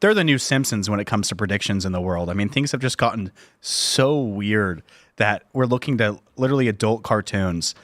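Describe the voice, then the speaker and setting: A man's voice: on the low side, brisk, a bit bright, no room sound, clean studio sound. A man, a guest on a podcast panel, talking bluntly and plainly in casual chat.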